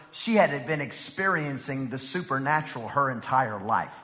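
Bright-voiced male preacher in a reverberant hall. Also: fairly high pitch. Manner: preaching with big swings from hushed to shouting. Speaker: pastor. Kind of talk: sermon.

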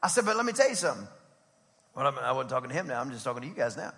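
A man preaching a sermon in a church, swinging from loud, driving build-ups to casual storytelling asides. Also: mid-range voice, lively intonation, rapid-fire, in a large hall. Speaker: pastor. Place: church sanctuary.

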